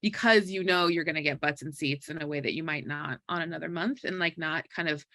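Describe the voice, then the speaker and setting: A panelist speaking in a quick, animated, casual way during a conversational discussion. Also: mid-range voice, no room sound, studio quality.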